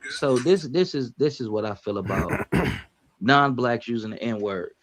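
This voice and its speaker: This is a man of middle pitch talking on a live stream as its host. He lectures in a measured way and stops now and then to correct himself. He sounds like casual live-stream commentary. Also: expressive, slight background noise. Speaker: livestream music reviewer host.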